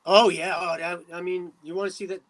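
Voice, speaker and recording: A middle-aged man from New Jersey, a mayor as a talk show guest, speaking emphatically with many pauses and fillers. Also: sits high, flat delivery, a bit bright. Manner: emphatic, preachy, trailing off with many uh's. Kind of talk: casual interview talk.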